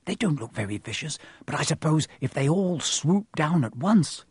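A man voicing a brave, steady young boy in a storybook reading. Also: on the high side, normal speed, husky, dry recording, clean studio sound. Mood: calm.

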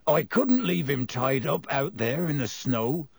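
A man voicing a huge, rough-spoken gamekeeper who talks through choking sobs. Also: on the high side, big pitch swings, a little slow, a little mellow, no room sound, full character voice. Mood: sobbing. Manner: broken, choked and wailing.

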